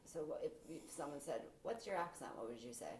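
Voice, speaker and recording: Woman asking interview questions, very low pitch, warm dark tone. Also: expressive, brisk, low-quality recording. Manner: brief plain questions.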